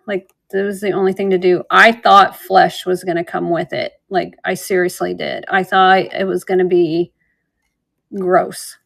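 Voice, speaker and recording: Gravelly-voiced woman chatting through a live sale. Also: mid-range voice, flat delivery, a little slow, fairly bright tone. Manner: chatty, rambling storytelling with fillers. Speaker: online jewelry seller. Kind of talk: casual live-sale chat.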